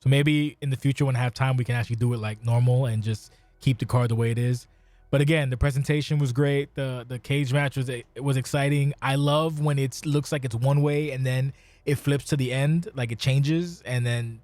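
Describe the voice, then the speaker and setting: Man, podcast host, casual cursing, middle pitch, dry close sound. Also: steady tone, brisk, darkish tone, dry recording. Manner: swears freely, runs the order. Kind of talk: casual chat.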